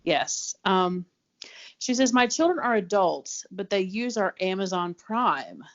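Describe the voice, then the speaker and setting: A woman's voice: mid-range voice, very animated, unhurried, lo-fi sound. A woman co-hosting a podcast in casual chat, gushing enthusiastically over listener stories. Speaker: podcast co-host.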